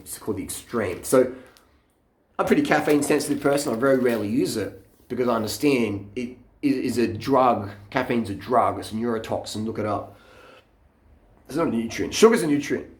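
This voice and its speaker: A man's voice: medium pitch, a little fast, reverberant, a little hiss or hum. A man, vlogging into a handheld camera in a blunt, mocking rant full of swearing. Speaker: fitness vlogger. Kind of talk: profane off-the-cuff rant.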